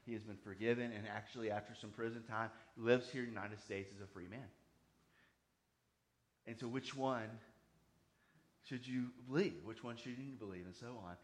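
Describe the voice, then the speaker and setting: A man's voice: lowish voice, steady tone. Emphatic male preacher teaching scripture. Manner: emphatic, swinging loud and soft, rapid asides. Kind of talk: sermon teaching.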